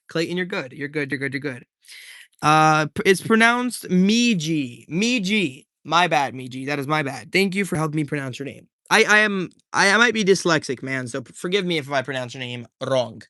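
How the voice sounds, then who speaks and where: A man's voice: on the high side, bright, forceful tone, dry recording, studio quality. Laid-back man with a lightly raised voice. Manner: laid-back, slangy, thanks viewers one by one. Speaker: live streamer. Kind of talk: casual livestream chat, reading out viewer comments.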